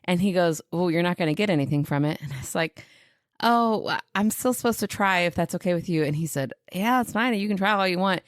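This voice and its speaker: A woman co-hosting a podcast in casual chat, an animated storyteller who acts out what people said. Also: lowish voice, a little fast, no echo, clean studio sound. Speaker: podcast co-host.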